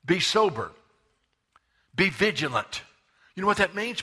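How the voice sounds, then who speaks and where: Pastor, man, 70s; fairly high, forceful, emphatic sermon delivery. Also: very animated, breathy edge. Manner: emphatic preaching, slows and stresses scripture readings.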